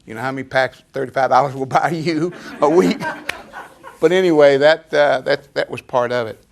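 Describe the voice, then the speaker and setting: Older man, gravelly, mid-pitched, folksy storyteller, chatty, addresses audience. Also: normal speed, noisy background. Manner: folksy, chatty, chuckling often. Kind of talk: anecdotal storytelling to a live audience.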